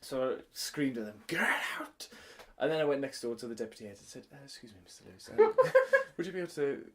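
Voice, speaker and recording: Lively man telling a story. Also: mid-range voice, fast. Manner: animated anecdote telling, laughs often, acts out voices. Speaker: podcast co-host, primary school teacher. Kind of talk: casual chat, storytelling.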